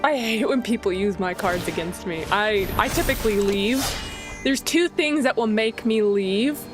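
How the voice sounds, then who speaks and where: A woman streaming a card game, chatting casually, excitable and swearing freely as she thinks aloud. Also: medium pitch, moderate pace, music in the background. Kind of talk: casual gameplay chat.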